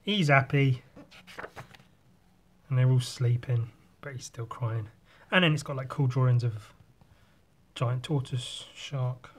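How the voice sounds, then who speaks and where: A man's voice: mid-range voice, steady tone, slow pace, pauses often. A man in casual chat while drawing, rambling through a story and swearing often. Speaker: artist.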